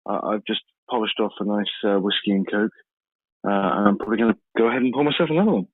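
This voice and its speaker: A man's voice: on the low side, fast, husky, dry recording. A British man co-hosting a casual chat, easygoing and chuckling. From United Kingdom. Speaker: co-host. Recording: tinny phone-like line, dry.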